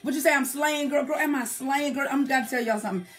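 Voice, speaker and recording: A woman's voice: sits high, rapid-fire, soft background music. A woman hosting a live-stream show, chatting casually and greeting viewers by name. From United States. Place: indoor home studio under bright lights. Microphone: webcam or phone live stream.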